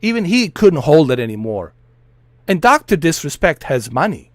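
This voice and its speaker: A man's voice: on the high side, very animated, measured pace, no echo. A man streaming while he plays, ranting in a heated, profane, repetitive way. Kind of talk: ranting monologue over a flight sim.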